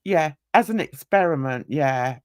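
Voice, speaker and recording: A woman's voice: low voice, animated, unhurried, a little mellow, smooth, no room sound, clean studio sound. A woman on a livestream panel, chatting casually, laughing often and mimicking other people's voices.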